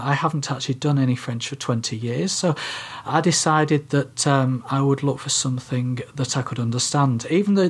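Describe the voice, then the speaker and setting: Husky guy hosting a chatty tech podcast, lots of ums, walks through stuff step by step. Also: mid-range voice. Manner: chatty, many ums and uhs, explains step by step. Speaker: podcast co-host. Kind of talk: casual tech podcast chat.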